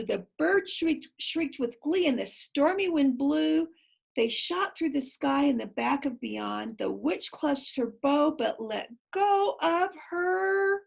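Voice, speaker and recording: A woman reading a picture book aloud to young children, stopping often to ask them what they think and gasping at each surprise. Her voice is high, the pace is slow and gentle, and there is a gravelly fry in her tone. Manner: asks children questions, expressive and exclamatory. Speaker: children's storytime reader.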